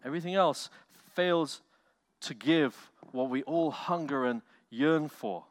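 A male pastor preaching a sermon with animated delivery, swinging from loud bursts to quiet, low lines and acting out quotes. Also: slow pace. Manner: animated preaching with acted-out quotes, loud swells and soft drops.

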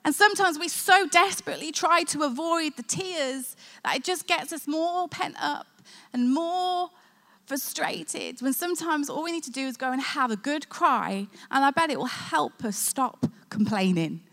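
A woman's voice: sits high, expressive, moderate pace, pushed and bright, in a large hall. A woman pastor preaching and praying in an earnest, conversational way. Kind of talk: sermon. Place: church hall.

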